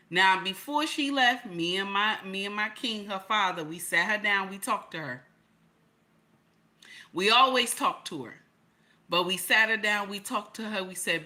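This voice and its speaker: Emphatic bright-voiced middle-aged woman. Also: mid-range voice, normal speed. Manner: emphatic, repeats herself, builds to loud peaks. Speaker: channel host. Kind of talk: casual talk to viewers.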